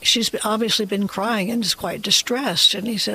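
Brief: interview guest author, gravelly fry, lively rambling storyteller. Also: mid-range voice, brisk, hardly any pauses, rough recording.

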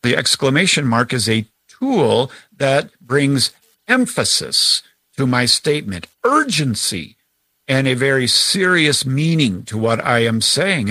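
A man's voice: medium pitch, bright, forceful tone, dry recording. A man teaching about scripture who explains things conversationally and uses everyday examples.

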